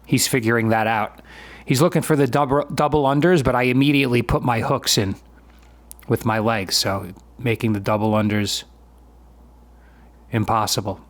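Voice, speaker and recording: A man's voice: medium pitch, steady tone, moderate pace, long pauses. A man in his fifties narrating and explaining his own grappling sparring footage in a matter-of-fact, conversational way. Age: 50s. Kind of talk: voice-over commentary on a sparring video.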